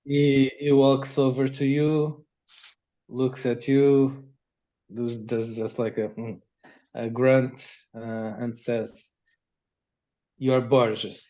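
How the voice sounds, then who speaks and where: A man running a tabletop game as game master, narrating haltingly with many restarts. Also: mid-range voice, level tone, mellow, highs cut off.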